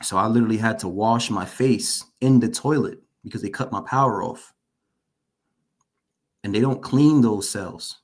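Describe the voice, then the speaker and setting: A formerly incarcerated man, interviewed as a guest, gives earnest personal testimony in a fairly low voice at a moderate pace. He is openly shaken as he recounts his story and repeats phrases for emphasis.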